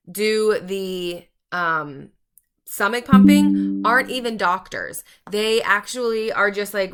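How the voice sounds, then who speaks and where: Young woman vlogger, casual book chat with acted-out dialogue, bright voice. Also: lowish voice, clear, resonant tone. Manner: chatty, many fillers, acts out quoted dialogue. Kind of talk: casual book talk while doing makeup.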